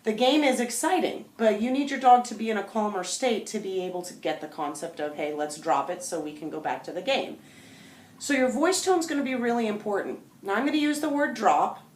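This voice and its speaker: Calm woman dog trainer, mid pitch, explains step by step to camera; roomy echo. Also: a little fast. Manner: calm, explanatory, talks directly to viewers. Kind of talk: instructional demonstration to camera. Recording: echoey room.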